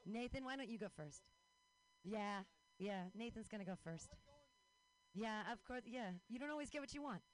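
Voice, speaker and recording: A woman with a somewhat high voice hosts a stand-up comedy show. She is playful and loose and keeps the crowd clapping. She speaks into a handheld stage mic at an outdoor show. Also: animated, normal speed, pauses often, low-quality recording. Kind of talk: stand-up hosting.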